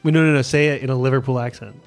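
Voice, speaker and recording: A man's voice: mid-range voice, fairly even intonation, soft background music. Playful, joking male podcast co-host. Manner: playful, jokey and quick to laugh. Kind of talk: casual chat.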